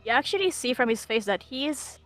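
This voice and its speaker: A woman narrating a tabletop game as game master, lively and quick to laugh. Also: on the high side, dry recording, soft background music. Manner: lively, laughs often, thinks aloud.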